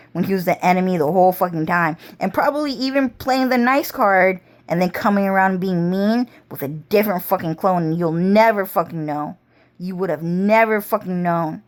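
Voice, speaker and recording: A woman vlogger delivering a rambling, intense monologue full of swearing. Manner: profane, intense, swinging pitch and pace.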